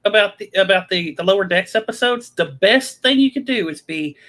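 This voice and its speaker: A man with a high, bright voice chatting casually on a podcast. He often trips over his openings and repeats words before getting going. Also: lively intonation. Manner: halting, repeats words as he starts. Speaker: podcast co-host. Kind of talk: casual chat.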